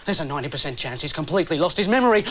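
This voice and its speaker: A man doing a brisk doctor. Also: fairly high pitch, lively intonation, background noise, close to an everyday voice. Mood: breezy. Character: brash hospital doctor, Australian. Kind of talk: children's TV comedy acting.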